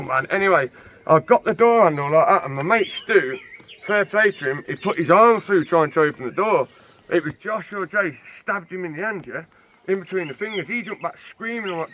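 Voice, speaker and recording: Fast, bright-voiced man. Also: high-pitched, a little hiss or hum. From England. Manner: animated, slangy, fast street talk. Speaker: interview guest. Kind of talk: casual storytelling.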